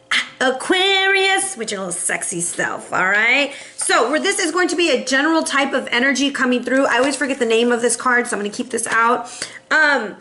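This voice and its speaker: A woman giving a casual, playful tarot reading to her viewers, chatting and giving shout-outs. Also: a little high. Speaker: tarot reader.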